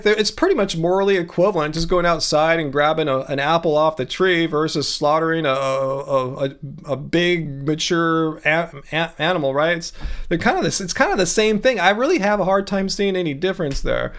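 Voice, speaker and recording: Sarcastic high-voiced livestream host. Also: male voice, moderate pace. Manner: sarcastic, deadpan mock agreement. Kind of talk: casual livestream chat.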